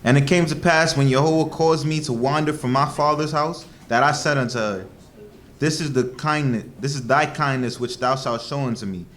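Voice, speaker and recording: A man reading old-fashioned scripture aloud in a steady, measured way, with an occasional slip. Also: mid-range voice, a little hiss or hum. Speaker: scripture reader.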